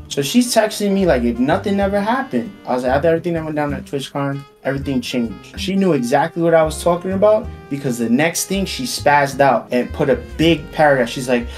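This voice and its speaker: Man telling a story over soft music. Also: medium pitch, lively intonation, brisk, few pauses. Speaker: interviewee. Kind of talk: casual storytelling.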